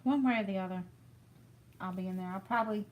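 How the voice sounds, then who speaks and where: Middle-aged mom chatting to her stream while she crafts, soft rambly talk, lots of ums. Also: mid-range voice, quick pace. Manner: rambling, soft, thinking aloud with fillers. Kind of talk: casual chat while diamond painting. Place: home.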